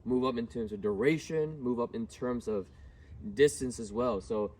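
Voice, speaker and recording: A man who trains dogs, giving a casual lesson outdoors while working with a dog. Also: moderate pace. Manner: relaxed explaining, bursts of high-pitched praise to the dog. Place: outdoors in a neighborhood. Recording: distant mic, faint outdoor noise.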